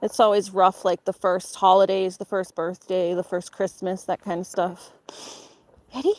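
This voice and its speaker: A woman's voice: little pitch movement, normal speed. A woman chatting casually on a live stream outdoors in a farm garden, reading chat and talking to her dog. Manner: chatty, talks to her dog in a high baby voice.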